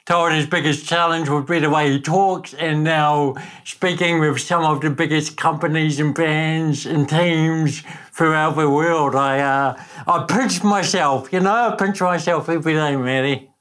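A man's voice: a little high, steady tone, measured pace, fairly bright tone. Upbeat New Zealand man, slightly shaky voice. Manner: upbeat, laughs easily. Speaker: podcast guest, motivational speaker. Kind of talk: casual interview chat.

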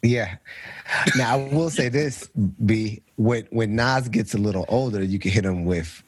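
A man hosts a casual talk show in a relaxed, storytelling way. His voice is mid-pitched with a husky grain. The recording is close and dry. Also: measured pace, no room sound. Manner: relaxed storyteller who sets up questions for the others. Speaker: podcast host. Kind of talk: casual chat.

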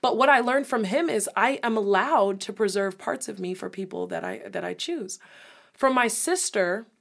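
A young woman chatting openly on a podcast. She is candid and expressive and swears casually now and then. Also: mid-range voice, moderate pace, gravelly. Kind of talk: casual chat.

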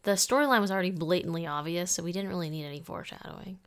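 A woman's voice: fairly low pitch, rapid-fire, clean tone. A woman co-hosting a casual movie podcast who laughs often and says "like" a lot. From Boston area. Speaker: podcast co-host.

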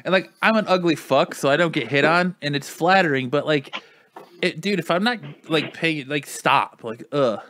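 A man's voice: fairly high pitch, moderate pace, fairly bright tone. A man in casual chat with friends, telling a long story in a rambling way, full of "like" and acted-out quotes.

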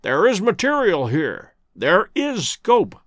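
Brilliant male detective, brisk and eager, read by a man; lively, higher voice. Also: no room sound, studio quality, heavily acted. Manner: brisk, reasoning aloud.

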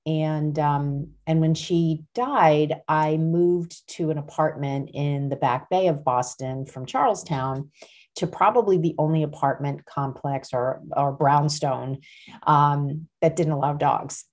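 A woman's voice: low voice, takes it slowly, darkish tone. A woman hosting her own podcast, talking casually in a rambling way with many fillers and restarts. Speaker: podcast host. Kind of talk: casual personal chat.

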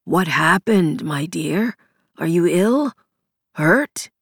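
A woman voicing a steady, protective man in an audiobook, speaking softly, carefully and firmly. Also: fairly low pitch, drawn-out words, no echo, studio quality, heavily acted. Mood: calm. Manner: soft, careful, soothing. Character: steady, protective man, soothing but firm. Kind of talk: audiobook character voice.

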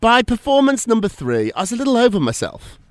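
Chatty man hosting, lively pitch. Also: fairly quick, no echo, studio quality. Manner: chatty, theatrical. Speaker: podcast host. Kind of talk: celebrity gossip chat.

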